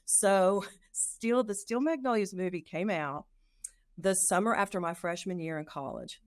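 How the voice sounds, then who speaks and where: Animated middle-aged woman telling her story. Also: medium pitch, measured pace. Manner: animated, acts out her own past thoughts. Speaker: nurse and lactation consultant guest. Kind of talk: personal storytelling in an interview.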